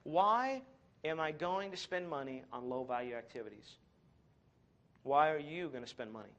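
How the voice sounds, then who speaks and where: A man giving a live marketing talk, energetic, sarcastic and self-mocking. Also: on the high side, normal speed, muffled recording. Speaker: seminar presenter.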